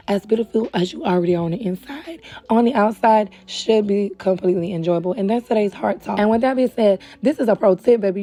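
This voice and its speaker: A young adult woman hosting a casual wig tutorial, chatty and friendly with viewers, a little hoarse and short of breath. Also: medium pitch, mellow. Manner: chatty, calls viewers girl and baby. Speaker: beauty supply wig stylist host. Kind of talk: casual tutorial talk to camera. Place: indoors at home.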